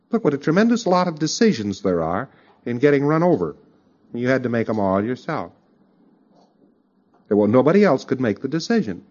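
Man lecturing, lively, on dull old tape. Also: mid-range voice. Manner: conversational, with frequent asides to the audience. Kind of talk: recorded lecture.

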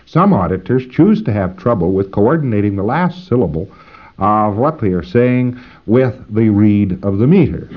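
A man's voice: on the low side, dull audio. A man giving an instructional lecture, rambling and emphatic, acting out drills as he explains.

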